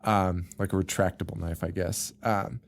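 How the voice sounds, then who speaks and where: A man with a low voice speaking at normal speed co-hosts a podcast, narrating a movie plot in easygoing chat. He brings the characters to life with screams, acted-out lines, laughter and free swearing.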